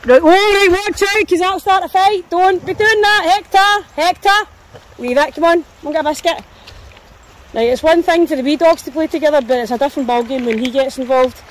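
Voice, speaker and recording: A Scottish woman vlogs casually while walking her dogs along a country path, often stopping mid-chat to speak to them. Her voice is extremely high and brisk, and the poor recording carries slight background noise.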